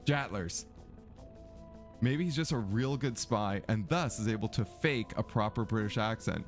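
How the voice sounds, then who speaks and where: A man's voice: fairly low pitch, unhurried, soft background music. A man streaming a mystery game, chatting casually with his viewers and laughing often. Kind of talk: casual live-stream commentary.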